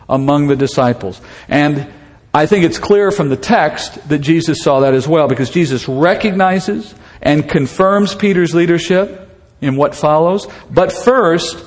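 A man preaching a sermon in a conversational, storytelling way, asking rhetorical questions as he goes. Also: fairly high pitch. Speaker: pastor. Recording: long reverb of a hall.

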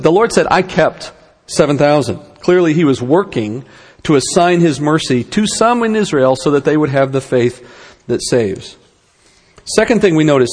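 A man's voice: on the high side, a little mellow, long reverb tail. A man giving a conversational Bible lesson, with rhetorical questions and wry asides. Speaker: Bible teacher.

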